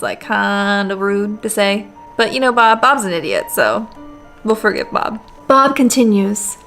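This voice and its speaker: Young woman gaming host, sarcastic and chatty, higher voice, faint music behind. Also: moderate pace, sharp tone. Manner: sarcastic, chatty, swears casually. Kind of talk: let's play commentary.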